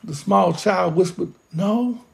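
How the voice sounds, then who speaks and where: A pastor preaching a sermon with impassioned, drawn-out emphasis. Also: mid-range voice, lively intonation, creaky, a little mellow.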